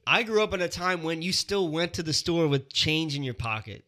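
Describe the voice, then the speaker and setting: A man with a bright, forceful voice pitched a little high, telling boisterous stories with crude humor on a podcast. He talks in loose, casual chat. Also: expressive, moderate pace. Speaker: podcast co-host.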